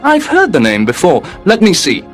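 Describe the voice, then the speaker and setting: A man's voice: high-pitched, huge pitch swings, normal speed, a bit bright, soft background music, heavily acted. A man playing a polite, unbending receptionist at heaven's gate, speaking formally and with detachment. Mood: calm.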